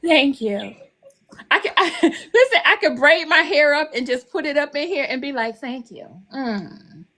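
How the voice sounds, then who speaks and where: A woman's voice: high voice, normal speed, hardly any pauses. An older woman, an author guest, chatting casually and acting out the people in her stories. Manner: animated storyteller, acts out quotes. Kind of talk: casual chat.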